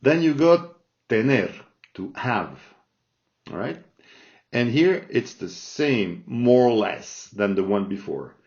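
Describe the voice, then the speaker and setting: Slow man teaching grammar, lo-fi sound. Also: medium pitch, animated, darkish tone. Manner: slow, repeats forms, checks in with "all right?". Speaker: Spanish teacher. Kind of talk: explaining grammar from a chart. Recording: dull lo-fi sound.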